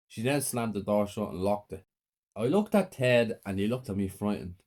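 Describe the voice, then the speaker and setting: A man narrating a short first-person horror story in a plain, quiet way. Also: on the low side, normal speed.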